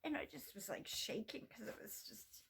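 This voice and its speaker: A woman's voice: a little high, animated, creaky, a bit bright, slight background noise. Middle-aged woman telling a rambling story. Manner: rambling, halting, with frequent restarts and fillers. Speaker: vlogger. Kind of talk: casual personal storytelling.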